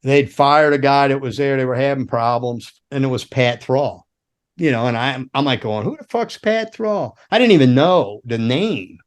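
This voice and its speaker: Man, middle-aged, from the US, ex-roadie guest, casual chat, rambling, profane, acts out quotes, mid pitch. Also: moderate pace. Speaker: podcast guest, former roadie.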